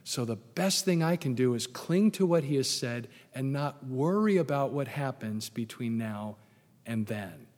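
A man's voice: medium pitch, expressive, a little slow, darkish tone, big-room sound. A man preaching a sermon as pastor, emphatic, repeating key phrases and putting questions to the congregation.

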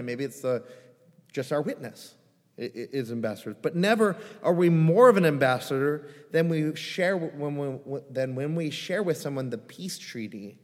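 Earnest male pastor preaching in a reverberant hall. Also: medium pitch. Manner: earnest, pleading, conversational with rhetorical questions. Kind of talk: sermon. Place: church sanctuary.

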